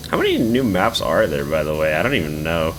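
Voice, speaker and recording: Man, live streamer, casual rambling chat, swears a lot, low pitch, faint music behind. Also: very animated, brisk, fairly bright tone. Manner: rambling and chatty, thanks viewers, swears often, many "like" fillers.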